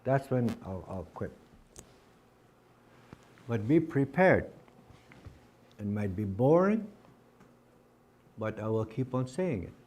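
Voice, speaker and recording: A very animated man with a medium-pitched, darkish voice takes his time, leaving long pauses while teaching Dakota. This spoken language lesson has him patiently repeating words over and over and drilling contrasting word pairs aloud.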